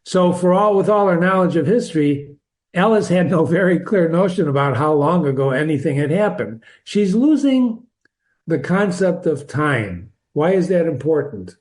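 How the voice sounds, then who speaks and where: An older man with a fairly high voice reads a classic novel aloud and pauses to explain it like a friendly teacher. He wanders into digressions and chuckles at his own asides. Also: animated, a little mellow. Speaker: reader and teacher. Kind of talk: reading a novel aloud with commentary.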